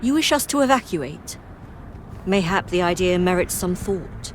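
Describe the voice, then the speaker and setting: A grave noble leader from a fantasy video game, voiced by a woman, speaking in measured, old-fashioned formal phrasing. Her voice sits a bit low and steady. Faint background noise runs under it. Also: close to an everyday voice. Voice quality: measured, formal archaic diction.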